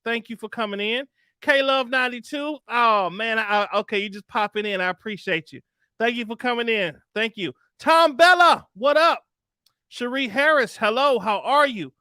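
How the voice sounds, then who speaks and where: A man's voice: very high voice, moderate pace, sharp tone, clear, resonant tone, no echo, clean studio sound. A man hosting a casual live stream, chatting with guests and greeting viewers by name in a laid-back, slangy way. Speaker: livestream host.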